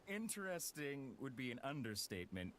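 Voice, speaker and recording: An actor voicing a busy, excited expedition scientist in a video game. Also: male voice, medium pitch, a little slow.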